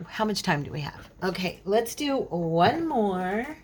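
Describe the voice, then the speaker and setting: A woman hosting a casual crafting tutorial, chatting and talking to herself as she works, with a frog in her throat that keeps her clearing it. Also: lowish voice, animated, normal speed, hardly any pauses, a little mellow, slight background noise. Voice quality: chatty, talks to herself while working. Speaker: craft channel host.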